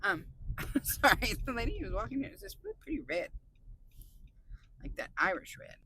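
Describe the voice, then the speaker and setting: A woman vlogger chatting excitably while driving her car, laughing often. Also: fairly high pitch, a little fast, a little hiss or hum, low-quality recording. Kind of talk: casual chat while driving.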